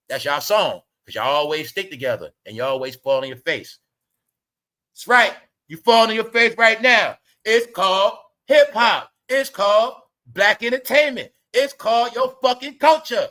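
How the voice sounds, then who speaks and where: A man rants through his online commentary show, high-pitched and bright. He mocks and scolds his audience in heavy slang, swearing as he goes. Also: expressive, moderate pace. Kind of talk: ranting commentary vlog.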